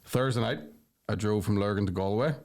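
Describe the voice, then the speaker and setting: A man's voice: fairly low pitch, fairly quick, darkish tone. A man with a Northern Irish accent, a comedian co-hosting a podcast, telling a rambling story and checking in with "right?" at every turn; he sounds tired.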